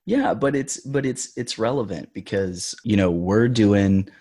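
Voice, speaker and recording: A man co-hosting a podcast with a hoarse, scratchy voice, chatting casually and getting fired up in quick bursts. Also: on the low side, dark tone, no room sound, clean studio sound. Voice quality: husky, scratchy. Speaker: podcast co-host. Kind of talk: casual chat.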